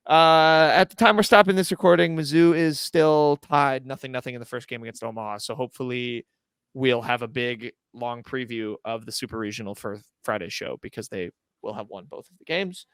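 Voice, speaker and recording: A man's voice: mid-range voice, fairly even intonation, brisk, a bit bright, smooth, no room sound. Easygoing young man cohosting a sports podcast. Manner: joking, easygoing banter. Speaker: podcast co-host. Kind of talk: casual sports chat.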